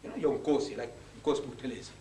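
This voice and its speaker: A man giving a public lecture, telling stories and acting out conversations in lively voices. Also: mid-range voice, fast talker. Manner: animated, acts out conversations with shifting voices. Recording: echoey hall, heard from a distance, faint hiss.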